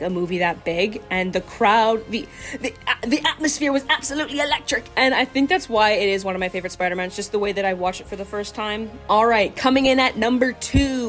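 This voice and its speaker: A woman's voice: medium pitch, a bit bright. A young adult woman vlogging a casual movie ranking, enthusiastic and gushing, full of "like". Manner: enthusiastic, gushing, filler-heavy.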